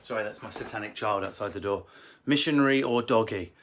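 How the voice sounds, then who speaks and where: A man's voice: fairly low pitch, heavy background noise. Cheeky man doing a casual live Q&A. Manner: cheeky, crude, quick banter. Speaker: comedian answering viewer questions. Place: home library room.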